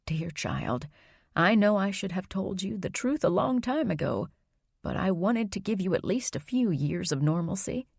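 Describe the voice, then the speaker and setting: A woman voicing a calm, secretive grandmother who speaks in a soft, low, soothing way. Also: moderate pace, creaky, husky, no echo, clean studio sound.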